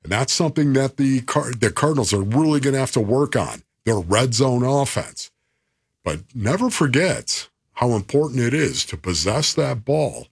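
Animated husky sports radio man. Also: medium pitch, normal speed. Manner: animated, repetitive emphasis.

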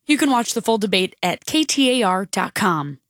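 A woman reading a radio newscast as the station's anchor, in a crisp, even newsreader delivery. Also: mid-range voice, normal speed, dry recording, clean studio sound. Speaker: news anchor.

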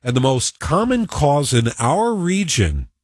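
A man's voice: fairly high pitch, wildly swooping pitch, measured pace. A male radio news anchor from New York with a New York accent, reading the news in a wry, conversational way. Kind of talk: radio newscast.

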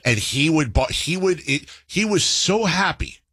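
A man on a podcast tells a story in a loose, rambling way and keeps stopping to correct himself. His voice is bright and lively, with wide swings in pitch. The studio sound is dry and close. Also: a little slow, breathy edge, no echo. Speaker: podcast host. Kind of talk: casual storytelling chat.

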